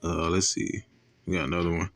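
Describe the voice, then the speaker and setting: Young adult male gamer, very low voice, brash and profane, casual play-by-play. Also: flat delivery, a little fast. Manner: brash, profane trash-talk with frequent fillers. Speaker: gaming commentator. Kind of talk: casual game commentary.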